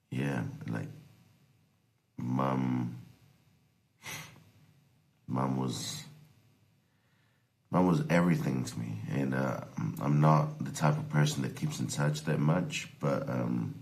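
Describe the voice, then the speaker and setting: A man with an extremely deep, gravelly voice delivers a halting eulogy for his grandmother. He speaks slowly and holds back tears. He fills the gaps with soft hesitations and long pauses. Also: rough recording. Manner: hesitant, many pauses and fillers. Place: recorded from abroad, far from the service.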